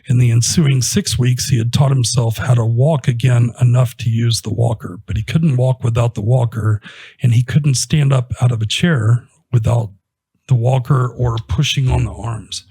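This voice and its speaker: A man's voice: mid-range voice, moderate pace, breathy edge. A man casually telling a story about a patient in an interview, retelling the conversations as he goes. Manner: conversational, animated retelling with quoted dialogue.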